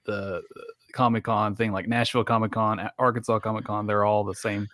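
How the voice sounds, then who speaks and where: A man co-hosting a podcast, chatting casually and laughing a lot while he hunts for words. His voice is on the low side. The recording is dry and close. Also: flat delivery, fairly quick, a bit bright, dry recording. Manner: laughs often, hesitant with many restarts. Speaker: podcast co-host. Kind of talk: casual chat.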